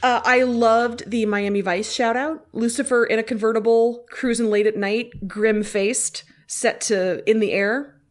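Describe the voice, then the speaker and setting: A woman co-hosting a podcast, chatting animatedly about TV episodes with quick restarts. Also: a little high, steady tone. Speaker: podcast co-host. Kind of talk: casual TV review chat.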